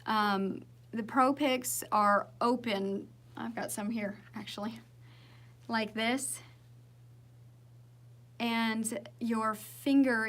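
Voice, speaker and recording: A woman's voice: medium pitch, fairly bright tone. A young woman with a Southern accent chatting casually with viewers on a livestream, rambling with fillers and restarts. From Southern United States. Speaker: singer-songwriter livestreaming.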